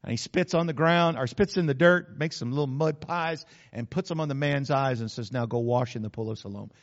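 A man's voice: medium pitch, brisk, highs cut off. A man preaching a sermon as pastor, conversational and emphatic, with sudden exclamations.

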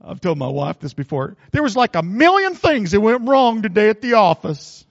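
Lively pastor preaching in a reverberant church. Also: male voice, high voice, moderate pace, gravelly, muffled recording. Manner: folksy and joking, with frequent asides to the congregation. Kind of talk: sermon.

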